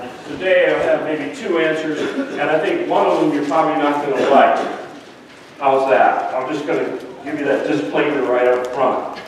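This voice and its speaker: An older man, a grandfather and pastor, preaching a sermon with playful asides and stories told to the congregation. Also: on the high side. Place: church sanctuary. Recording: echoey church hall from far off.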